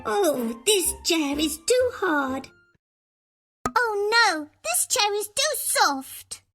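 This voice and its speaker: A woman's voice: extremely high pitch, big pitch swings, very slow, a bit bright, soft background music, exaggerated voice. Goldilocks, a fussy little girl. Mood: delighted. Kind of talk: game voice acting.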